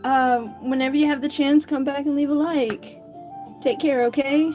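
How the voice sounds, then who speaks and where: A livestreaming artist chats casually with viewers while drawing, greeting people by name and often stumbling and correcting herself. Her voice sits high with a steady tone, normal speed and a slightly mellow quality, over soft background music.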